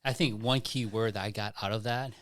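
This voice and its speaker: A man hosting a podcast interview in a brisk, affirming way, repeating key words for emphasis. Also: lowish voice, fairly even intonation, a bit bright, no echo. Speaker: podcast host.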